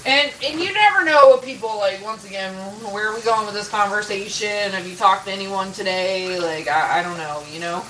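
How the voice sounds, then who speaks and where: Her voice sits in the mid-range, a bit bright, moving at normal speed with few pauses. She rambles casually to her viewers from her home kitchen as she does chores, full of "like" and easy swearing. The recording is rough, with slight background noise.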